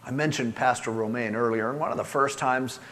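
An older man preaching a sermon as pastor, urging his listeners and swinging from loud pushes to hushed, low lines. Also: fairly quick, slight background noise.

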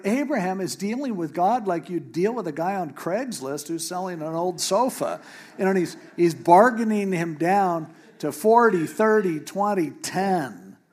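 Guy preaching, kinda high voice, jokey storytelling, doing little voices for the characters. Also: normal speed. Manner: animated storytelling with playful paraphrased dialogue. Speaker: pastor. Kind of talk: sermon.

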